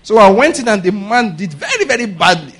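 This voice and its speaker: A man preaches in a loose, conversational way, often checking in with his listeners through rhetorical questions. His voice sits a little high and carries a husky, breathy edge. He laughs easily between points. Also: sing-song, brisk, a bit bright. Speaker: pastor. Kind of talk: sermon.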